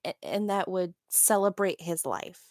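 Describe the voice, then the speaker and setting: A young woman in casual chat about a TV episode, making measured, thoughtful remarks. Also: on the low side, lively intonation, a little mellow, no room sound, studio quality.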